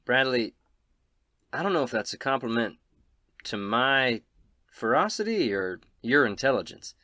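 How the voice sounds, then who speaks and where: A man's voice: medium pitch, very animated, measured pace, pushed and bright, no echo, studio quality. A man voicing a tough, no-nonsense female sheriff in a tabletop game, speaking in a blunt, drawling, commanding way. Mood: gruff.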